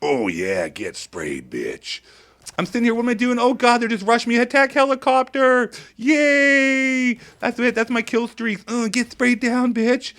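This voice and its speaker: A man giving crude, comedic gameplay commentary, hyper and swinging between squeaky highs and low mutters. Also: very animated, normal speed.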